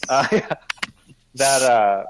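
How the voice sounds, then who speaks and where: A man's voice: mid-range voice, slow, low-quality recording. A young man chatting casually as a podcast co-host, telling a rambling anecdote full of fillers and asides. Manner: rambling anecdotal storytelling with lots of fillers and laughs. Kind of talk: casual chat.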